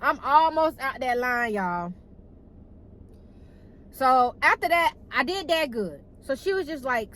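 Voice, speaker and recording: A young woman telling a casual storytime to her viewers in a chatty, animated way, cussing freely and calling them y'all. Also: high-pitched, slow, pauses often, low-quality recording. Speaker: vlogger.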